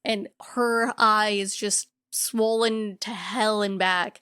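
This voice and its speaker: A woman's voice: medium pitch, steady tone, takes it slowly, sharp tone, clear, resonant tone. A woman co-hosting a podcast, retelling a film scene by scene in a blunt, profanity-laced casual chat. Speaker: podcast co-host. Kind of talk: casual movie recap chat.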